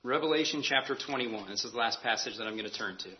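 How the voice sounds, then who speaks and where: A man's voice: mid-range voice, quick pace, highs cut off, slight background noise. A man preaching a sermon as pastor, earnest and emphatic, repeating key phrases for weight.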